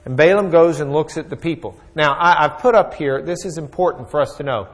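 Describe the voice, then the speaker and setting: A man's voice: on the high side, brisk. Folksy, joking Bible teacher, man. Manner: folksy, joking, with many fillers. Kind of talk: humorous storytelling Bible lesson.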